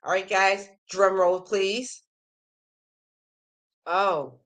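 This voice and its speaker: A woman hosting a crochet podcast reads viewers' emails with a mid-range, fairly bright voice, fairly even intonation, and drawn-out words. She chats casually and gushes enthusiastically over their work, her voice a bit worn from slightly losing it.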